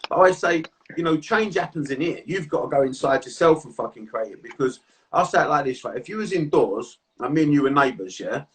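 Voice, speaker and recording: A man's voice: fairly high pitch, expressive, quick pace, distant mic. A man in a casual chat, telling stories in a sweary, easygoing way. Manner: storytelling, sweary, laughs easily. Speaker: podcast host.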